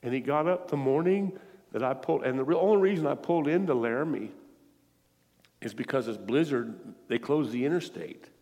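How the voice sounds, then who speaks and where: A man's voice: medium pitch, animated, fairly quick, a little mellow. Earnest preacher man in reverberant church. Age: middle-aged. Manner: earnest, pleading, storytelling. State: tearful. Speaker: guest preacher. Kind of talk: emotional sermon. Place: church sanctuary.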